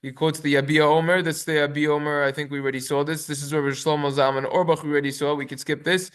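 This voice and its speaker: Rabbi teaching a class, fairly high voice, fast pace, reads Hebrew sources then translates, lots of fillers. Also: male voice, flat delivery, fairly bright tone, clean tone. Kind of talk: halachic lecture.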